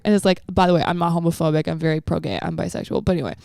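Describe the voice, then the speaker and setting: A woman hosting a podcast in casual chat. She tells stories in an animated way, full of swearing and slang, on a close studio mic. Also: on the low side, quick pace, creaky, hardly any pauses, dry recording. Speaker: podcast host.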